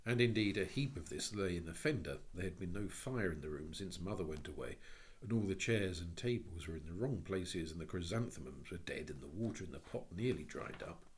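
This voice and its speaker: A man with a low, deep voice reads a classic children's story aloud. His narration rises and falls with lively expression throughout. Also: fairly quick, a little hiss or hum. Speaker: audiobook reader.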